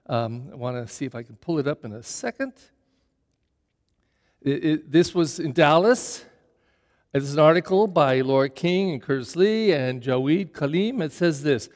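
A male pastor preaching a sermon in an animated way, reading scripture aloud with dramatic emphasis. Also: a little high, big-room sound.

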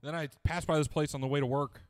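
A man with a slightly high voice spins a rambling, profane story in casual chat, breaking into laughter often. The sound is close and dry, with no room around it. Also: fairly even intonation, quick pace, dry recording. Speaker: podcast co-host telling a story.

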